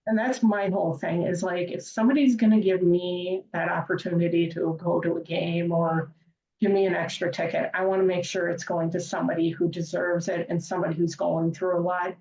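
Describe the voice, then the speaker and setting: A chatty woman tells stories casually as a podcast guest, her voice sitting a little low. She sounds distant from the mic, in a roomy, echoey space. The audio is somewhat dull. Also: steady tone, a little fast, vocal fry, a little mellow. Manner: chatty, lots of filler phrases and laughs. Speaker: podcast guest, hockey fan. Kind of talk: casual storytelling.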